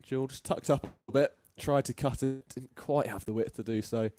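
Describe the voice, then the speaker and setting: A man from England doing live ball-by-ball cricket commentary, chatty and quick to laugh between deliveries. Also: medium pitch, fairly even intonation, dark tone, dry recording.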